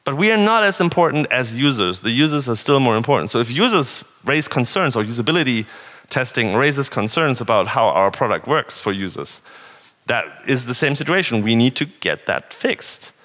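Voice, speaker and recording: Male tech speaker from northern Germany, mid-pitched, earnest, long hall reverb. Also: very animated, moderate pace, fairly bright tone. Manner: conversational, earnest, rhetorical questions. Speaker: conference speaker. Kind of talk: tech conference talk. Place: conference hall.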